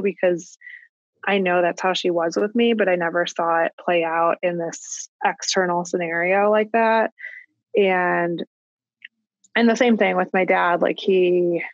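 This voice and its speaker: A woman in her thirties, a parent talking about her family in a casual conversation, thoughtful and halting, with frequent restarts. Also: fairly low pitch, no echo, muffled recording. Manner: reflective, halting with restarts and likes. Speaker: guest parent.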